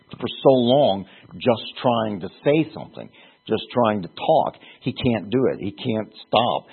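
Male preacher, low husky voice, slow and earnest, heard over a thin phone-like line. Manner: earnest, halting, repeats words for emphasis. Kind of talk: sermon. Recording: tinny phone-like sound.

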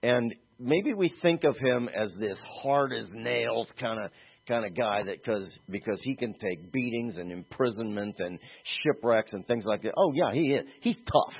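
Husky male preacher over a tinny line. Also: medium pitch, moderate pace. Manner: animated, swings from soft to emphatic. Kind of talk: sermon. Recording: tinny phone-like audio.

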